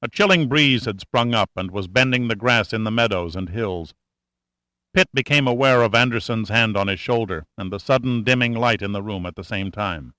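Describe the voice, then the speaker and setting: A man narrating an audiobook thriller in a steady, tense storytelling manner. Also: fairly low pitch, normal speed, no room sound, clean studio sound. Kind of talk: scripted narration.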